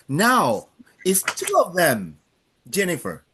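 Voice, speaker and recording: A man's voice: a little high, very animated, measured pace, fairly bright tone. A man teaching a live Spanish class, drilling students by counting in and praising each answer.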